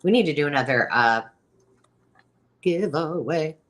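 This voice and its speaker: Middle-aged woman with a really deep voice, rambly and chatty, lots of ums, running a live sale. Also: expressive, measured pace, a little hiss or hum. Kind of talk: casual live-stream selling chat.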